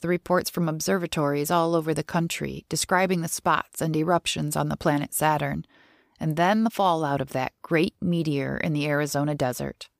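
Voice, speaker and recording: Brief: female audiobook narrator, measured and wry; gravelly tone, dry studio sound. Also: low voice, no room sound. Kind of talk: first-person audiobook narration.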